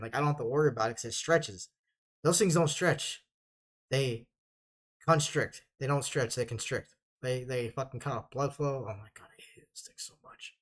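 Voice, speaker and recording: Rambling, profane young man telling stories. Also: medium pitch. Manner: rambling, profane, laughs often. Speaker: vlogger. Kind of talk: casual storytelling.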